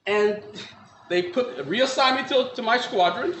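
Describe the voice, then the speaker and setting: A man's voice: very high voice, measured pace, fairly bright tone, a little hiss or hum. A man from Milwaukee giving a personal testimony, acting out the voices of the people in his story. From Milwaukee, Wisconsin. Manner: acts out dialogue in quotes, laughs at his own story. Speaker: testimony speaker. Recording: echoey room with faint ambience.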